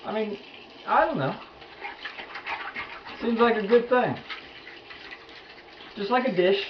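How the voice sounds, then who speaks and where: A man's voice: sits high, takes it slowly, background noise. Chatty folksy guy vlogging his yard work, talks right at the camera, kinda dull lo-fi sound. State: out of breath at times. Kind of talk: casual home vlog.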